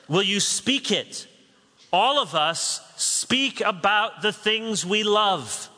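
A man's voice: fairly high pitch, bright, forceful tone. A man preaching a sermon as pastor, conversational with humorous asides, recorded in a large church sanctuary. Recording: long hall reverb.

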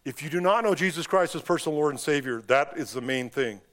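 A man with a fairly high voice preaching an impassioned sermon in a church. His delivery is emphatic, and his voice climbs and falls suddenly as he drives each point home. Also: lively intonation, quick pace. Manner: impassioned, emphatic preaching with sudden rises and drops in pitch and loudness. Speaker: pastor.

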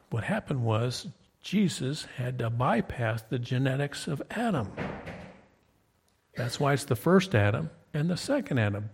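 A man's voice: mid-range voice, gravelly, slightly rough. A man in his fifties preaching a sermon, telling stories in a conversational way and often checking in with "okay?". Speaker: pastor.

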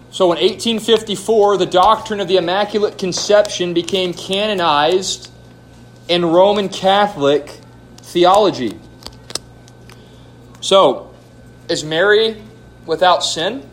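A man's voice: high-pitched, slow pace, long pauses, a bit bright, slight background noise. A man leading a church question-and-answer night, teaching from scripture in an emphatic way and putting questions to the audience. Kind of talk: Bible teaching Q&A. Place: church hall.

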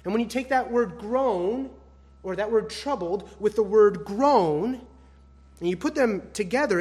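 A male preacher giving an expository sermon, addressing his listeners as beloved, swinging between loud emphatic stress and hushed soft phrases. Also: high-pitched, lively intonation, a little slow, husky.

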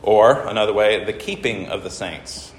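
A man's voice: lowish voice, steady tone, normal speed, a little hiss or hum. A man preaching a sermon to a congregation, asking them questions and reading scripture aloud. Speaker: pastor. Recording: echoey hall reverb.

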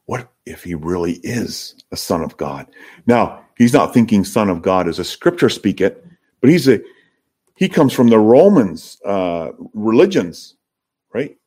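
A man's voice: lowish voice, big pitch swings, unhurried, a little mellow, slightly rough. A man preaching an expository sermon to his congregation, building to emphatic peaks. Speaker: pastor.

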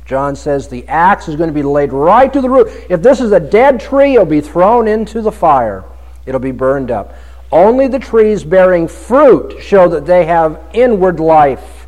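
A man preaching an expository sermon on a Bible passage, swinging from soft reflection to emphatic, pleading delivery. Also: fairly high pitch, big pitch swings, moderate pace, poor audio.

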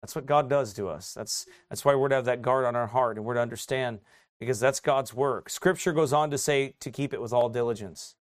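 A man's voice: medium pitch, brisk, no room sound, studio quality. A middle-aged man preaching a sermon as a pastor, chatty and joking, then building to emphatic exhortation. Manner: conversational preaching, rising to emphatic exhortation, laughs often.

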